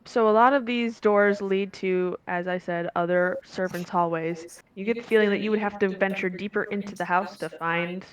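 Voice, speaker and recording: A woman's voice: mid-range voice, fairly even intonation, moderate pace, few pauses, muffled recording. A woman runs a tabletop game as game master, describing scenes in a rambling way with many ums and restarts. She sounds distant from the mic, in a roomy, echoing space.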